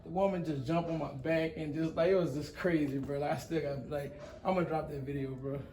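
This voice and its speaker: A man's voice: fairly high pitch, brisk, echoey room. Slangy young man telling wild stories. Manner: animated storyteller, slangy, says "bro" often. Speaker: event promoter, guest. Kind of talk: casual interview chat.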